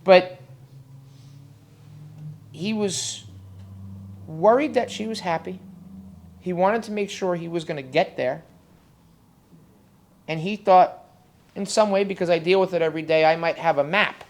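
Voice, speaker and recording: Funny storytelling funeral director eulogizing. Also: medium pitch. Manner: conversational storytelling, acts out dialogue with humor; talks straight to the mourners, pausing often. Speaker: emergency medical technician. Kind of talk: eulogy at a memorial service. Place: funeral home service room.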